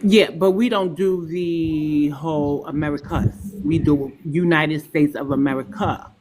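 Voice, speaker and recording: A middle-aged woman, a podcast guest who talks emphatically and tells stories with big swings in pitch. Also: steady tone, measured pace, a little mellow, a little hiss or hum. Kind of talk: podcast discussion.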